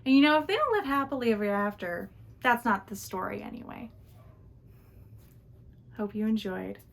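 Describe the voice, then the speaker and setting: A woman's voice: mid-range voice, expressive, normal speed, vocal fry. Chatty woman storyteller. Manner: chatty, with fillers and sighs. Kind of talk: casual oral storytelling.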